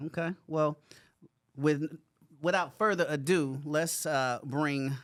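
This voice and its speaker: A man's voice: fairly high pitch, slow pace, fairly bright tone. A man co-hosting a podcast in casual chat, loose and profane, laughing often as he talks. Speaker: podcast co-host.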